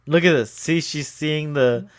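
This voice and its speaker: A man's voice: on the high side, a little slow, clean tone. A young man co-hosting a casual episode commentary with enthusiasm, laughing often and filling his talk with "like". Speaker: podcast co-host.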